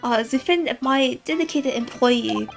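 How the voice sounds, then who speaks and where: A woman's voice: high-pitched, creaky, faint music behind, voice pushed up. Woman putting on a shaky French lady owner. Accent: put-on French. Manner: halting, repeating words. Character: theatrical middle-aged French woman museum owner.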